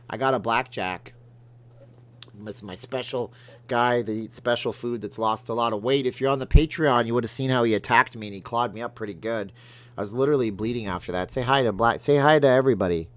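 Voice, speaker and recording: Rambling, joking man hosting a livestream. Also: mid-range voice. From Alberta, Canada. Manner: rambling, joking, talks to his cat between comments. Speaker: livestream host. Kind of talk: casual livestream chat reading viewer comments.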